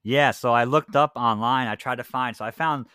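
A man's voice: mid-range voice, normal speed, sharp tone, smooth, dry recording, studio quality. Rambling young man on a podcast. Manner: rambling, loose storytelling with many fillers. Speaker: podcast co-host. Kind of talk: casual chat.

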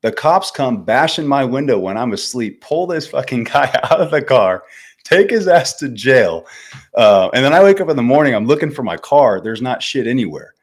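A man's voice: medium pitch, big pitch swings, normal speed. A young man in his twenties, a podcast guest telling a story in a laid-back way, swearing and calling the host dude and bro. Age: 20s. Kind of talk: casual storytelling.

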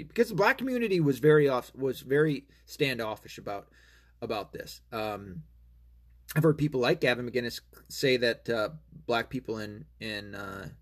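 A man with an ordinary mid-range voice holds forth in a loose, unscripted monologue. He swears freely, circles back on himself with fillers and restarts, and drops mocking asides. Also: medium pitch. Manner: profane, rambling, many fillers and restarts; reads online comments aloud with mocking asides. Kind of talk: casual monologue.

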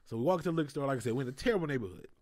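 Talking rapid-fire in a mid-range voice, a young comedian guest tells an animated story during a casual chat, frequently laughing and voicing the people he quotes. The studio sound is clean, with no room echo.

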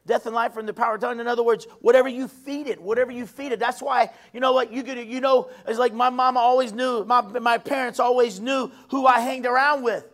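A male preacher with a strikingly high-pitched voice delivers a sermon. He hammers his points by repeating phrases, rising to shouts and then dropping to hushed asides. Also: fairly even intonation, fast, hardly any pauses. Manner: emphatic, repeats phrases, swings between shouting and quiet.

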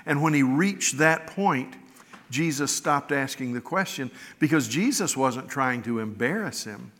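A man's voice: medium pitch, animated, a little slow, a bit bright. A middle-aged man preaching a sermon as a pastor, telling stories in a folksy, earnest, conversational way. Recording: long reverb of a large hall.

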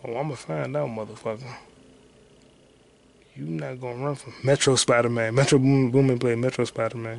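A man's voice: mid-range voice, steady tone, moderate pace, vocal fry. A man hosting his own podcast solo, rambling casually and profanely while muttering to himself as he searches online. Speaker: podcast host.

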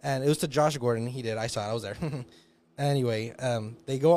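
A man's voice: medium pitch, a little fast, a little mellow, slight background noise. A man on a podcast telling a rambling, profane story, laughing often and raising his voice for quoted people. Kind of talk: casual podcast chat. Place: podcast studio.

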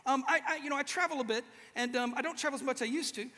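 High-voiced man preaching in a hall. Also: very fast. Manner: animated, joking, acts out quoted voices. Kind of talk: humorous sermon to a live audience. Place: large hall with an audience.

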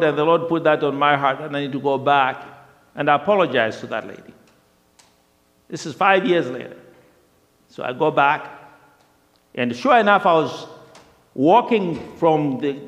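A man telling a personal testimony in a lively storytelling way, often repeating himself, with the long reverb of a large hall. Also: fairly high pitch. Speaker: speaker sharing a testimony.

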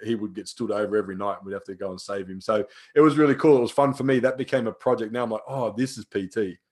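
Low-voiced man telling stories. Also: quick pace, darkish tone. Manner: swears freely, acts out dialogue in quotes. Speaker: guest, personal trainer. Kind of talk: casual storytelling chat.

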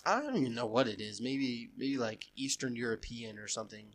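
A man's voice: mid-range voice, lively intonation, fairly quick. A man co-hosting a podcast, chatting in a laid-back, wry way. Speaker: podcast co-host. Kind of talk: casual chat.

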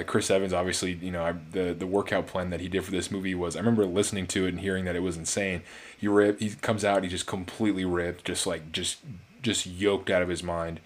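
A man giving a casual, rambling movie review on his channel, full of fillers and restarts. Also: deep voice.

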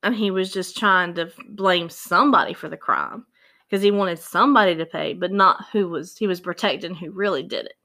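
A woman casually retelling a true-crime case, animated and acting out the quoted voices. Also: fairly low pitch, normal speed.

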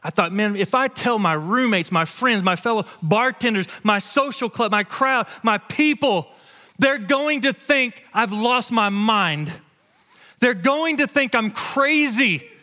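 A man preaching a sermon from a church stage with passion, moving between loud declarations and hushed, intimate storytelling. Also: sits high, expressive, unhurried, long reverb tail. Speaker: pastor.

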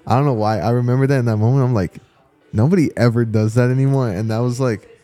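A man's voice: medium pitch, steady tone, fast, warm tone. A young man, a podcast co-host, chatting casually in a laid-back way with lots of fillers. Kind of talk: casual chat.

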